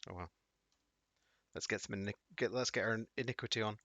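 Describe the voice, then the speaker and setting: A man's voice: on the low side, a little fast, sharp tone, dry recording. A man streaming a game, making wry, chatty asides and thinking aloud as he plays. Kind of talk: casual live gameplay commentary. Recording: dull dry home audio.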